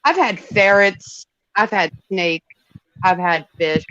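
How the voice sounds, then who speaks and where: A woman's voice: mid-range voice, takes it slowly, dry recording. Emphatic woman on a dull lo-fi mic. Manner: emphatic, expressive storyteller. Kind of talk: casual chat.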